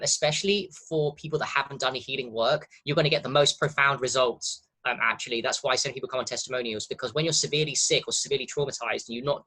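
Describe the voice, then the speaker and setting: Fast-talking enthusiastic male host. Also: mid-range voice, sharp tone, poor audio. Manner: enthusiastic, affirming. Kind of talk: casual chat on a video call. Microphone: video call mic.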